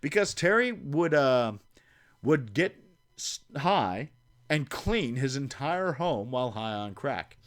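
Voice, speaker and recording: A man with a Kentucky accent casually telling stories to his livestream chat, swearing and making wry deadpan asides. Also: medium pitch, takes it slowly. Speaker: livestream host. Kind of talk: casual storytelling. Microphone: home streaming mic.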